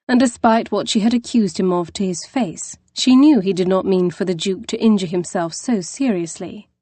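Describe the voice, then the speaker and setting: A woman narrating a historical romance audiobook in an even, measured storytelling voice. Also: medium pitch, no room sound. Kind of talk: scripted narration.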